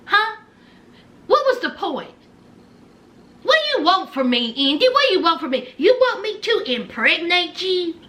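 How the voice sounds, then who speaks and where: A woman's voice: extremely high pitch, very animated, a little slow, pauses often, sharp tone, heavily acted. A woman mimicking a defensive grown man in a mocking, blustery way during a TV recap.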